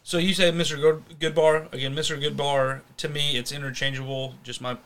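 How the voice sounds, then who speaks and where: A man co-hosting a casual podcast chat, rambling and restarting his sentences, with sudden animated bursts. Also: a little high, brisk. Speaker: podcast co-host.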